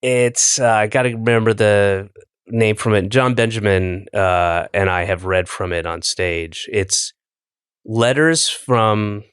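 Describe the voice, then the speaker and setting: An older man with an American accent talks slowly in a lowish, smooth voice. He is hosting a casual podcast chat, blunt and a little profane, stopping often to restart his sentences. The sound is close and dry. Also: a bit bright, no room sound. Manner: halting, many fillers and restarts, blunt and profane. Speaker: podcast host.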